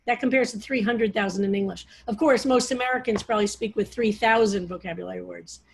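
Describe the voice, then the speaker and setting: A woman's voice: medium pitch, fast, vocal fry, slight background noise. A woman rabbi teaching a study group on a video call, explaining in a loose, digressive way with frequent restarts. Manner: digressive, restarts often, talks over her own phrasing.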